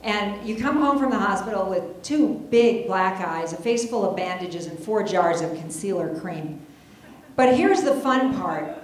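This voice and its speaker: A woman's voice: mid-range voice, very animated, a little slow, slight background noise. A middle-aged woman telling a comic personal story on stage, chatty and self-deprecating, with many asides. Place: stage before an audience. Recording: very echoey hall.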